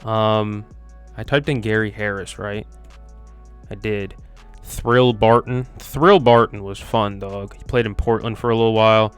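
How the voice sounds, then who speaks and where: Young male quiz host, lowish clean voice, casual, rambling, pokes fun at himself. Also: steady tone, a little slow, clear, resonant tone, soft background music. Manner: chatty, self-mocking, thinks aloud with many ums. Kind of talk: casual commentary while playing a quiz.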